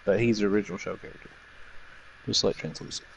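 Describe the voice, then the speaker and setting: A man in casual podcast chat, explaining things in a relaxed, matter-of-fact way. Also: fairly low pitch, fast, vocal fry, a little hiss or hum, rough recording. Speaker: podcast co-host.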